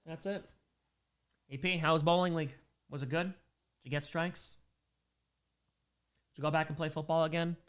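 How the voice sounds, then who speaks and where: A man's voice: on the high side, steady tone, normal speed, long pauses, fairly bright tone, clean tone. A man hosting a charity livestream, reading out donations and bantering with chat, sometimes in character as a made-up persona.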